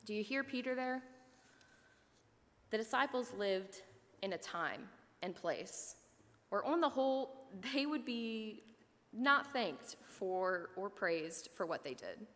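A woman delivers a sermon at an unhurried pace, retelling a story and slipping into the fishermen's voices with casual asides. Her voice rings out with the long reverb of a church hall. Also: mid-range voice, expressive, fairly bright tone. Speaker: preacher.

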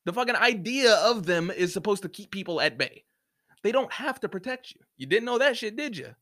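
A heated man ranting alone on his podcast, swearing freely and mocking the views he disagrees with. His voice sits a little high for a man. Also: lively intonation, brisk, pushed and bright. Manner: profane, heated, sarcastic, mocking others with put-on voices. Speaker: podcast host. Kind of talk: opinionated solo podcast rant.

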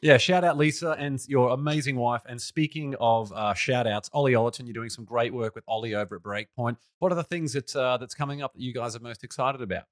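Man, podcast host, enthusiastic, laughs a lot, mid pitch, dry recording. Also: fairly quick, hardly any pauses, no echo. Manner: upbeat, laughs often, enthusiastic. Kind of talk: casual interview chat.

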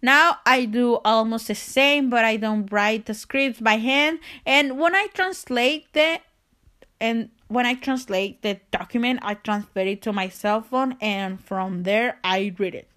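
A young woman hosts her podcast in English, which is not her first language, and her accent comes through on every word. Her voice sits a touch high, and she talks in a chatty, self-conscious way, laughing at herself and swearing casually as she reads from her phone. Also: unhurried, a bit bright. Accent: non-native English. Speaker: podcast host.

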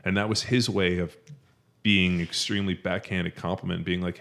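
A man's voice: low voice, steady tone, normal speed, gravelly, a bit bright. A man co-hosting a podcast in casual chat, rambling and quoting movie lines in put-on voices. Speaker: podcast co-host.

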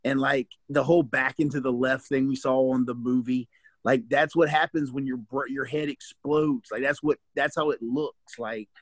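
A man's voice: medium pitch, fairly even intonation, normal speed, no echo. A middle-aged man with a Southern US accent, co-hosting a casual podcast chat and making his points emphatically with many restarts. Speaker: podcast co-host.

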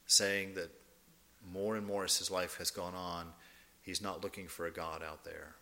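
Male spiritual teacher, informal talk style, slightly low voice with a bright edge, playful asides. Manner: conversational, laughs often, acts out quoted voices.

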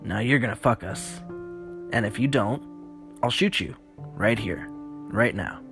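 A man's voice: fairly low pitch, lively intonation, measured pace, gravelly, music in the background. A man voicing a cruel, crude male survivor who snarls taunting threats in a horror audiobook. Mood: menacing.

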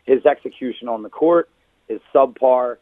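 A man's voice: medium pitch, normal speed, no echo, narrow, tinny audio. A man who is a guest on a casual sports podcast gives blunt opinions and folksy sayings, often calling the host brother.

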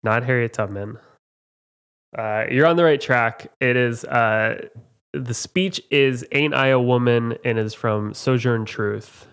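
A man hosts a casual trivia quiz, reading out questions, joking about himself and using many fillers. He speaks slowly in a mid-range voice with a clean, fairly bright tone.

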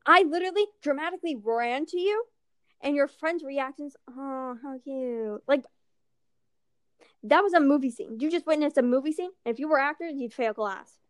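Teen girl, high voice, dry close mic, animated storyteller. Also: normal speed, no room sound. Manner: animated storytelling, acting out quotes. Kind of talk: casual chat.

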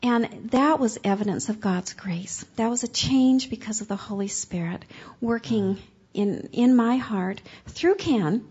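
Woman, husky voice, earnest halting testimony, dull lo-fi seminar tape. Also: on the high side, a little mellow. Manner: earnest, halting storytelling with many restarts. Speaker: speaker's wife sharing a story.

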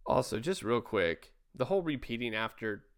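A man's voice: medium pitch, sing-song, moderate pace, smooth, faint music behind. Man musing with rhetorical questions. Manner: conversational, hesitant restarts, rhetorical questions. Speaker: sermon reviewer. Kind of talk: casual commentary.

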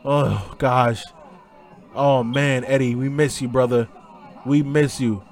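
A man's voice: medium pitch, slow pace. A man hosting a podcast, re-calling a wrestling match with a choked-up, tearful tone. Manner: excited play-by-play shouting, then emotional and hushed. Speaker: podcast host.

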